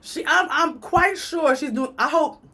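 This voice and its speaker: A woman telling a story in an animated, chatty vlog. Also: unhurried. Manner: animated and chatty, big swings in pitch. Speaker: vlogger.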